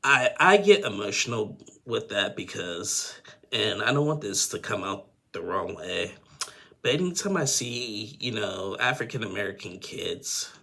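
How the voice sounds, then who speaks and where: Gravelly, rambling man recapping a show. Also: on the low side, big pitch swings, unhurried, pushed and bright. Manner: rambling, heavy with fillers and restarts. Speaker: YouTuber recapping a reality show. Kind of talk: casual episode recap commentary.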